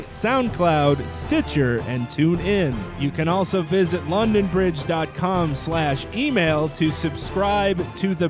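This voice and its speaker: A man hosting a sports podcast, reading a scripted segment in a wry, playful way. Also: on the high side. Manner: wry, playful delivery with jokey put-on voices. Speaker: podcast host.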